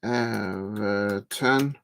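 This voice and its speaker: A man's voice: lowish voice, drawn-out words, vocal fry, a bit bright. A man, chatting casually on a live football watch-along stream, rambling and drawing out words as he types.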